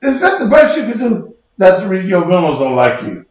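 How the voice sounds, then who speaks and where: A man's voice: high-pitched, huge pitch swings, brisk, muffled recording. A man who preaches and hosts his own show, in a heated livestream rant, profane, combative and mocking. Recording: very echoey room.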